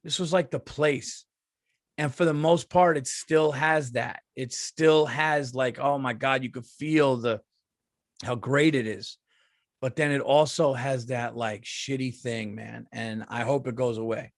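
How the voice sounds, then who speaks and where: A man's voice: medium pitch, steady tone, a little slow, no room sound, clean studio sound. A middle-aged man, a comedian hosting his podcast, ranting in a casual, profane monologue and often repeating himself.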